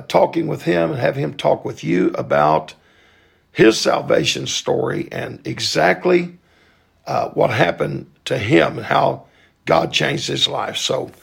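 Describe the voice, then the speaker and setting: A man's voice: a little high, vocal fry, slightly rough. A man, a pastor, introducing a guest evangelist to his church in an appreciative way.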